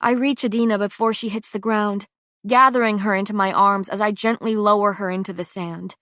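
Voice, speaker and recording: A woman narrating a fantasy audiobook in the first person, measured and dramatic. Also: medium pitch, steady tone, fairly bright tone, no echo.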